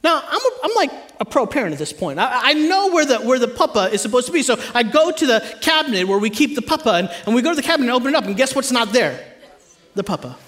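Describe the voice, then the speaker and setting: A man in his thirties preaching a sermon in a church, telling animated, humorous family stories to the congregation. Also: very high-pitched, fast talker. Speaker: pastor. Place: church stage before a live audience.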